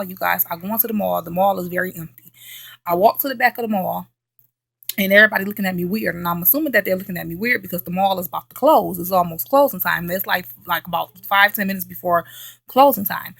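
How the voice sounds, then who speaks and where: Woman vlogger, mid pitch with some fry, telling a story in an emphatic, repetitive way with lots of "okay?", close and dry sound. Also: fast, fairly bright tone, no room sound. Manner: emphatic, repeats herself, checks in with "okay?". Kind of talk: casual late-night storytelling chat.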